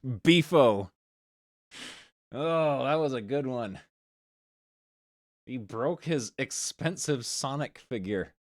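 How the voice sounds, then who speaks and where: A man's voice: medium pitch, expressive, takes it slowly, long pauses, no room sound, studio quality. A man livestreaming a game, chatting with amusement and reading out gifted subs. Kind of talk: casual game commentary.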